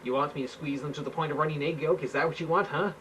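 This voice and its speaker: A man's voice: a little high, fairly even intonation, very fast, fairly bright tone, pitched above the performer's own voice, lightly acted. A man voicing a gloating, menacing male president who hisses taunting threats. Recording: faint hiss, mic far off.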